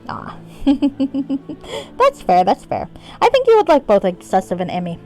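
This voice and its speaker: A woman's voice: high voice, wildly swooping pitch, a little slow, a little mellow, soft background music. A woman live-streaming a video game, chatting casually, laughing often and reading the game's dialogue aloud in her own voice.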